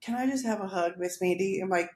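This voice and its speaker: A woman's voice: mid-range voice, quick pace. A woman who works in a school, chatting casually on a podcast in a reflective way and often humming agreement. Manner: warm, reflective, frequent affirming hums. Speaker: school counselor. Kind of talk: casual chat. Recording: echoey room with faint noise.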